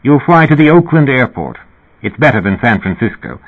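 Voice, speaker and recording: A man's voice: mid-range voice, very animated, moderate pace, voice pushed up. A man voicing a genial, amused male musician with a slight British accent and a twinkling, lilting manner. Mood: breezy. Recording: tinny phone-like audio.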